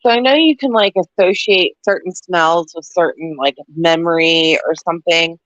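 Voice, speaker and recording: A woman's voice: fairly low pitch, moderate pace, no echo. Rambling woman on dull stream audio. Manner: rambling, lots of likes. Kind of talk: casual chat.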